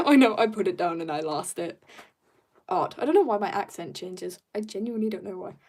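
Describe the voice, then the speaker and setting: A fast-talking woman with a darkish, mid-range voice livestreams her drawing session. She reads the chat and banters casually with viewers, bubbly and laughing often.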